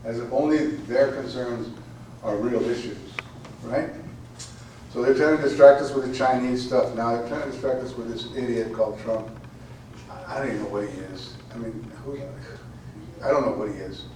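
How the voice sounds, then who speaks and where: A man's voice: mid-range voice, moderate pace, darkish tone, a little hiss or hum. A man, a poet at a college event, who chats loosely with repeated words and then reads his poem intensely. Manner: rambling and repeats words in talk, intense and emphatic when reading. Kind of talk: informal remarks then a dramatic poetry reading. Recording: echoey room, voice from far off.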